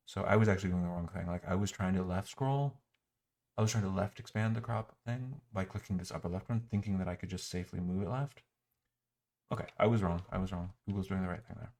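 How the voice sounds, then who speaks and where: Clicking through an app in a screen recording, a software reviewer grumbles out a sarcastic, exasperated running critique. He has a low-pitched, gravelly voice with a darkish tone.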